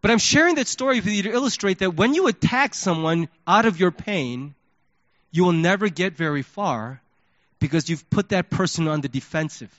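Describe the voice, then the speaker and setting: A male pastor preaching a sermon, telling stories in an animated way and acting out his own thoughts. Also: high voice, normal speed, dry recording. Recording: dull lo-fi sermon recording.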